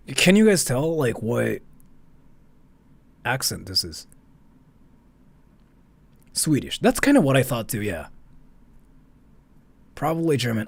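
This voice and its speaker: A man's voice: medium pitch, creaky, slightly rough. A man streaming a casual chat, rambling with lots of fillers while reading out donations. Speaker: livestreamer.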